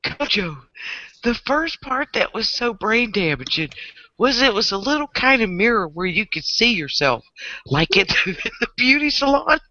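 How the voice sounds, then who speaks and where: A woman in a casual online group chat, teasing and laughing with drawn-out exclamations. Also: a little high, sing-song, sharp tone, no echo, muffled recording. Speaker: chat show regular.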